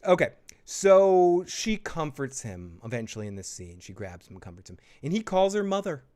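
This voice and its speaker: A man's voice: medium pitch, very animated, unhurried, darkish tone. A man hosting a casual TV episode recap, swearing freely, laughing and mocking characters with impressions. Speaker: host.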